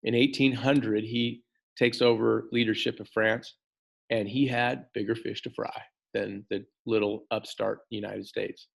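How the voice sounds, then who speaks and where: A man teaching a history lesson in an animated way, talking straight to his students and often repeating words as he goes. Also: fairly low pitch, unhurried, gravelly. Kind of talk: classroom lecture.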